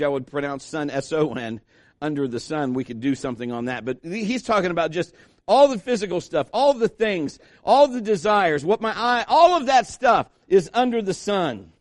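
Male pastor, chatty sermon delivery, slightly high voice, dry sound. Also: no room sound. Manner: conversational preaching, lively asides to the congregation.

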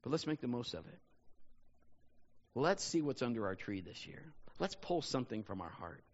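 A man's voice: medium pitch, very animated, normal speed, in a large hall, highs cut off. A man preaching a sermon as a pastor, telling personal stories in a conversational way and often saying "you know". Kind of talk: sermon storytelling.

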